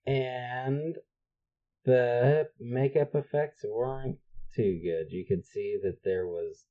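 A man co-hosting a podcast, chiming in on a movie recap with relaxed jokes and quick agreement. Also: mid-range voice, phone-quality sound. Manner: relaxed, joking, chimes in with agreement. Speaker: podcast co-host. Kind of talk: casual movie recap chat.

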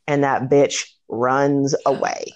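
Woman, low voice, animated and profane film talk, close dry mic. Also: slow pace, no room sound, highs cut off. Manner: animated, swears freely, acts out scenes. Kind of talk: casual movie discussion.

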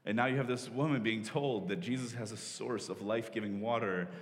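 A man's voice: on the low side, brisk. Conversational male pastor in a reverberant hall. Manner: conversational, explaining Scripture with frequent "like" and restarts. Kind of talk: sermon. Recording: long reverb of a large hall.

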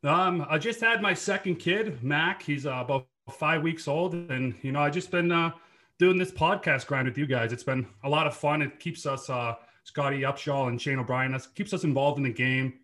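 Bright-voiced Boston man, laid-back. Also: a little high, normal speed. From Dorchester, Massachusetts. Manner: laid-back, laughs often, swears freely. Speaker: podcast guest, former hockey player. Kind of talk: casual chat.

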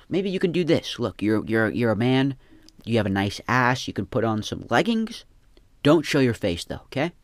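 A man's voice: mid-range voice, no echo, studio quality. A young man ranting in a casual, profane, rambling way, often repeating himself. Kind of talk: casual rant.

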